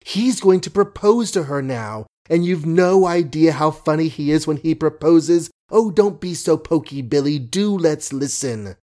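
A man putting on a high coaxing young lady. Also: lively intonation, measured pace, hardly any pauses, warm tone. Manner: pleading, high and breathy whisper.

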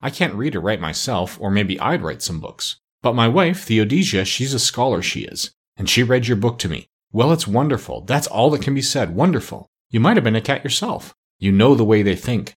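A chatty, uneducated meat seller who talks in a rough, homely way, played by a man. His voice is husky and rides up and down with eager persuasion, a storybook tradesman. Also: medium pitch, very animated, moderate pace, few pauses. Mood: pushy. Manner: rough, colloquial speech.

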